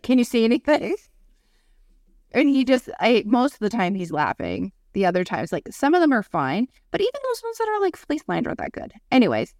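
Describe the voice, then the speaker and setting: A woman's voice: on the low side, dry recording, clean studio sound. A woman in her thirties, a podcast co-host, telling a story in casual chat and acting out the people she quotes. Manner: animated storytelling with acted-out quotes.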